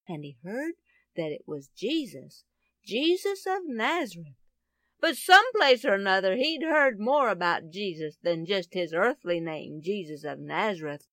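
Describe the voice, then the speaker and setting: Slow dramatic woman storyteller. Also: no echo, studio quality. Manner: dramatic, wide swings in pitch and loudness. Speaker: Bible storyteller. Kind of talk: expressive Bible story narration.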